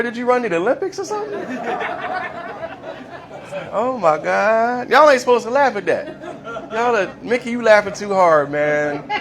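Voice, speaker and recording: A man hosting a restaurant comedy night, out of breath and mocking himself in a lively storytelling way. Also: high-pitched. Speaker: comedy show host and comedian. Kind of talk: stand-up comedy set. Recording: live room with audible crowd.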